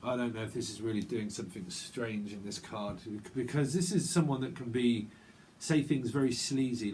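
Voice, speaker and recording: Man, casual tarot reader, rambling and chatty, faint hiss behind, mid-pitched voice. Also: a little mellow. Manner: rambling, chatty, quick asides and self-interrupting laughs. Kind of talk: casual monthly tarot reading.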